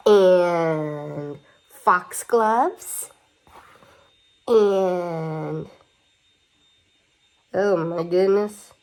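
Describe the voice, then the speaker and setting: A young woman reading a picture book aloud to children, chatty, with playful asides and questions. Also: mid-range voice. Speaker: storybook reader.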